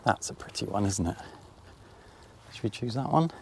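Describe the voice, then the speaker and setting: Chatty low gravelly man vlogging outdoors. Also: lively intonation, moderate pace. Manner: chatty, self-mocking, addresses viewer directly. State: out of breath while climbing. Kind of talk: casual vlog walk-and-talk. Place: outdoors, farm fields and coastal path. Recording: faint outdoor noise.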